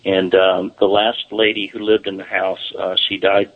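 A man guest on a paranormal talk show, describing investigations in a relaxed, halting way with many fillers. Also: low-pitched, phone-quality sound. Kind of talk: casual interview talk.

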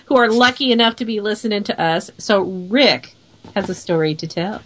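A woman's voice: mid-range voice, moderate pace. A woman co-hosting a paranormal radio talk show, chatting casually with joking, self-deprecating banter. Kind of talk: casual chat.

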